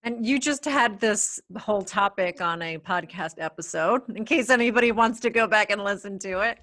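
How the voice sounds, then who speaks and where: A woman's voice: mid-range voice, normal speed, a bit bright, no echo. A woman interviewing a guest on a podcast, asking curious, probing questions.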